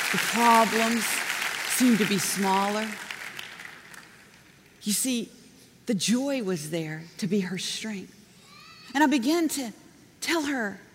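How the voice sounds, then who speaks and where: A middle-aged woman pastor preaching a sermon, telling personal stories in an animated way and laughing often. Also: fairly high pitch, slight background noise. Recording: long reverb of a large hall.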